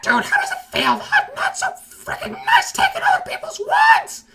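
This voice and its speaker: A man voicing a shrill, gloating schoolboy wizard of about eight in a screeching, taunting falsetto. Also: very animated, moderate pace, shouting, crowd noise.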